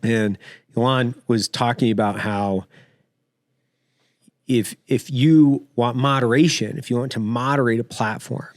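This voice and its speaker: A man's voice: medium pitch, fairly even intonation, a little slow, no room sound, clean studio sound. A man hosting a podcast in casual chat, telling stories in an opinionated, conversational way. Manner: opinionated, conversational, with short laughing asides. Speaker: podcast host.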